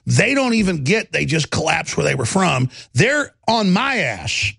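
A male radio talk show host, ranting in a heated monologue with stammered restarts and bursts of shouting. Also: fairly high pitch, very animated, unhurried, dry recording, clean studio sound. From Texas. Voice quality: gravelly.

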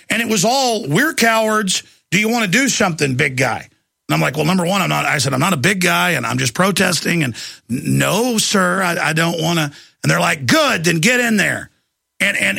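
A male talk radio host with a gravelly, husky voice pitched high for a man. He talks in an intense, emphatic way, sounding dry and close to the studio mic. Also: sharp tone, no echo.

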